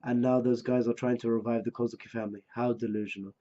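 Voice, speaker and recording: A man's voice: medium pitch, little pitch movement, fast, warm tone, natural voice. A man reading the lines of a paranoid, boastful male shogun in a scornful tone, close to his own voice. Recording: dull lo-fi recording.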